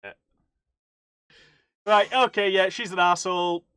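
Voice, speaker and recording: A blunt man co-hosts a casual podcast, swearing freely and laughing along. His voice is slightly high, and the sound is close and dry. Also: measured pace, pushed and bright, smooth, dry recording. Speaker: podcast co-host. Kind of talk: casual banter.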